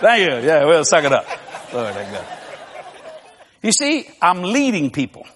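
An older man, a pastor, preaching with lively storytelling, acting out dialogue and laughing often. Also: a little high, normal speed, in a large hall, a little hiss or hum. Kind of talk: sermon.

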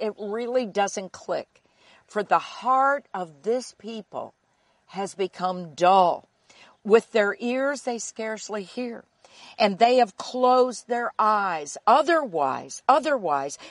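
A woman teaching from the Bible in an earnest sermon, slowing to repeat key phrases for emphasis. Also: medium pitch, no echo.

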